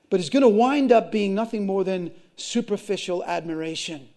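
A man preaching a sermon to his congregation, impassioned, swinging from loud to hushed and repeating phrases. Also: sits high, brisk, few pauses. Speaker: pastor.

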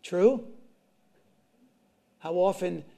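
A man preaching a sermon to his congregation, impassioned, swinging from loud to hushed and repeating phrases. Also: high-pitched, very slow, creaky. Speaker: pastor.

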